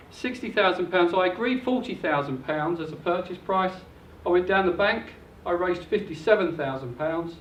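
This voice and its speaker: High-voiced older man pitching in an echoey hall. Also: recorded from a distance, slight background noise. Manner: upbeat, salesy pitch. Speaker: property seminar presenter. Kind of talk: seminar presentation. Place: hotel function room. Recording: echoey dull room recording from afar.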